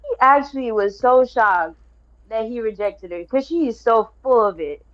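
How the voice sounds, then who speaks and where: A woman's voice: on the high side, animated, highs cut off. A woman panelist giving firm, opinionated takes on a TV show in casual chat. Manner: firm, opinionated, rushes ahead with repeats.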